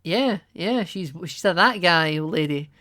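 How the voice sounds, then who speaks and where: A man's voice: high-pitched, animated, measured pace, bright, forceful tone. A man co-hosting a casual movie-review podcast, chatty and laughing often, acting out characters' lines as he talks. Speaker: podcast co-host.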